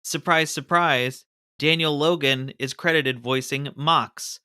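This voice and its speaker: A man's voice: on the high side, fairly even intonation, slow, pushed and bright, clean tone, no room sound, studio quality. A man co-hosting a podcast in casual chat. He is eager and detail-focused, and he swears casually. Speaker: podcast co-host.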